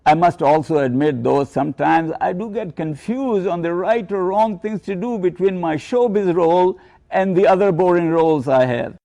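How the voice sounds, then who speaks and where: An older man tells a personal story in a measured, unhurried way. His voice is gravelly and mellow, sitting a little high for a man. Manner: measured storytelling with quoted Hindi asides. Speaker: narrator of a personal tribute. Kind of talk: reminiscing narration.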